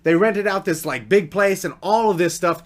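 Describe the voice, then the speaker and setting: A man's voice: high voice, moderate pace. A young man telling a rambling, slangy storytime anecdote on his vlog. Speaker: vlogger.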